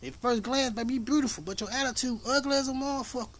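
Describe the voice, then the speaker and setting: A man's voice: very high-pitched, fast talker, a bit bright. A man hosting a podcast in a casual monologue, emphatic, profane and preachy, rambling as he goes. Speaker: podcast host.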